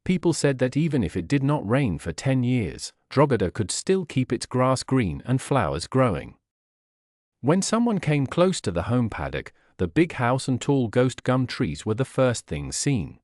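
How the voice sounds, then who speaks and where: Casting: male audiobook narrator for learners, clear and plain, lively pitch, dry close sound. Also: unhurried, no room sound.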